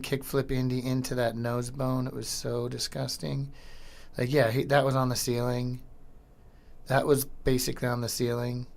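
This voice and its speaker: Hyped middle-aged dude riffing over old skate videos, swears a lot, mid-pitch voice. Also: male voice, vocal fry. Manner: excitable, slangy, swears, mimics people. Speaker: podcast host. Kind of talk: casual commentary over old skate footage.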